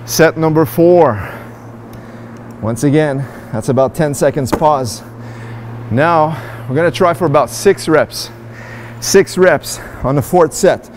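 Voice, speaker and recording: A man with a slightly high voice coaches through a weightlifting session in an indoor gym. He talks straight to his viewers in an upbeat, encouraging way while he demonstrates. Faint noise sits behind him. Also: takes it slowly. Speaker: fitness vlogger. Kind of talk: workout demonstration and instruction.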